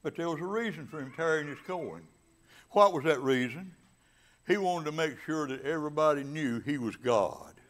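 A man preaching a sermon. He drops to soft, low passages and builds to loud, emphatic climaxes, stretching key words slowly and adding casual asides to the congregation. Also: lively intonation.

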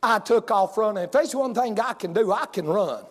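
A male preacher with a strikingly high-pitched voice. He tells homespun stories to his congregation in a folksy way and works up to loud hollering. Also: expressive, moderate pace, breathy edge, in a large hall. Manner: folksy storytelling, rising to hollering. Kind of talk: sermon.

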